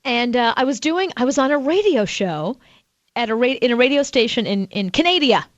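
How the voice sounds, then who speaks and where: Brief: higher-voiced woman radio co-host, lively storyteller, dry muffled studio sound. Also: a little fast, no echo. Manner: chatty storyteller, animated, laughs often. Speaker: radio show co-host and author. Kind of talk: casual radio banter.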